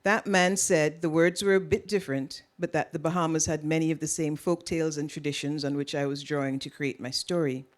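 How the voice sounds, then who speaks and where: A woman from Jamaica with a Caribbean accent softened by years in Canada, giving a prepared lecture at a public event in a measured, deliberate way. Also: deep voice, fairly even intonation. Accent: Caribbean, tempered by years in Canada. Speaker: author giving a keynote talk.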